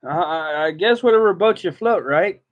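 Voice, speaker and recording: A man's voice: animated, moderate pace. A man chatting casually while reacting to something, breaking into frequent laughter. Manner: laughs often, giggly high laughter. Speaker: vlogger reacting. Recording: dull lo-fi sound.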